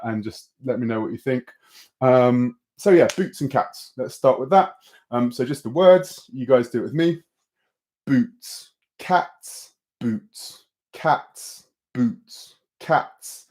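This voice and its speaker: A man in his thirties leads a live-streamed beatbox lesson at a medium pitch. He talks casually and loosely, peppering his sentences with ums as he explains the basics. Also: darkish tone. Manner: casual, many filler ums. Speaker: beatbox teacher.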